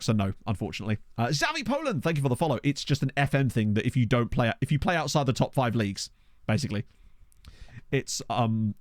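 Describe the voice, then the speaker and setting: A man's voice: medium pitch, dry recording, clean studio sound. A man live-streaming a management game, chatting casually, thinking aloud and swearing now and then. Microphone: desk condenser microphone.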